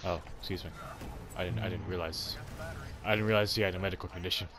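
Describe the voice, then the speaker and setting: A young British man in casual, crude gaming banter with friends, teasing and bursting into loud shouts. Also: low voice, fairly even intonation, fast. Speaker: gamer. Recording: noisy gameplay chat recording.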